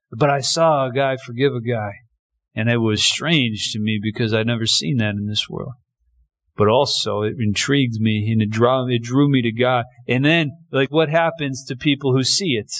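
A man preaching a sermon in a conversational way, often restarting lines and acting out short quotes. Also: on the high side. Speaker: pastor.

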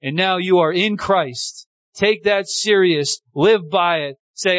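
A man's voice: high voice, slow, a bit bright, dry recording, dull audio. A man preaching a sermon in a church, emphatic and repeating phrases for emphasis.

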